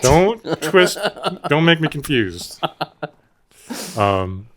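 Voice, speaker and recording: A man's voice: a little high, sing-song, drawn-out words. A man co-hosting a podcast in casual chat. He jokes a lot, laughs often and plays with silly accents. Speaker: podcast co-host.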